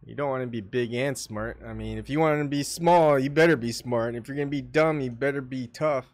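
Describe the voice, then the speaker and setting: A man hosting a solo livestream, muttering his thoughts and asides to himself, often coughing and clearing his throat, on a desktop microphone at home. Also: medium pitch, brisk. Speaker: livestream host. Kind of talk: rambling solo livestream chat.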